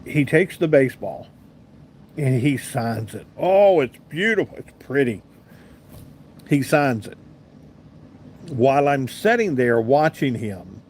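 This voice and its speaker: A man's voice: mid-range voice, darkish tone, a little hiss or hum. A man in his fifties, a radio talk show host, telling a rambling personal story and answering viewers' comments in a casual chat. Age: 50s. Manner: chatty, rambling anecdotal delivery with asides to viewers.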